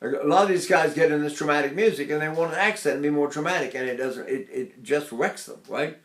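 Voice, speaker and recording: A man's voice: fairly high pitch, a little fast, roomy sound. An older man giving a singing lesson, explaining technique in a folksy, chatty way and checking in with "right?" and "see?". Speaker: voice teacher. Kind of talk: singing lesson with sung demonstrations.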